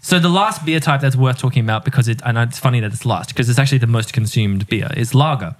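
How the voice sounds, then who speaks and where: A chatty man talks through beer history on a casual podcast. His voice sits in a middle pitch. He laughs often and drops the odd swear word. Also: fast talker. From Ireland. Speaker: podcast co-host.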